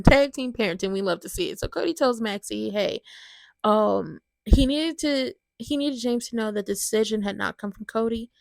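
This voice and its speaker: A woman recaps soap episodes in a chatty, animated way and talks straight to her viewers. Her voice sits fairly high and has a gravelly rasp. The sound is close and dry, with no room echo. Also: moderate pace. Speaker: soap opera recap host. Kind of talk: casual soap opera recap commentary.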